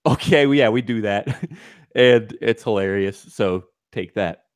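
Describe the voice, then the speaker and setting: A man hosting a casual podcast, animated and laughing, with mock exasperation. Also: on the low side, measured pace, clean tone, dry recording, clean studio sound. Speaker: podcast host.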